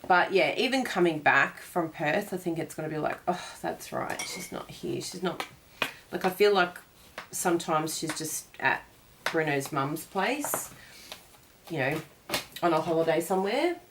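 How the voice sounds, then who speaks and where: Woman, cardmaking host, casual chatty tutorial, lowish voice, wanders off topic. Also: animated, moderate pace, noisy background. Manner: chatty, digresses while crafting.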